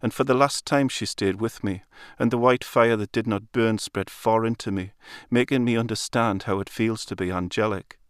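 A man reading a literary story aloud in a calm, measured storytelling manner. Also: fairly low pitch, clean tone, no echo, studio quality. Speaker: narrator. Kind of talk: literary audiobook narration.

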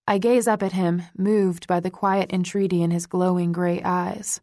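A woman narrating a first-person romance audiobook in a slow, intimate reading voice. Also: lowish voice, fairly even intonation, a little mellow, no room sound, studio quality.

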